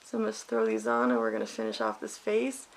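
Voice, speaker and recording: A woman's voice: medium pitch, very animated, quick pace, vocal fry, low-quality recording. A middle-aged woman chatting bluntly and candidly through a makeup tutorial at home, swearing freely. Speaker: beauty vlogger. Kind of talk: casual makeup tutorial chat.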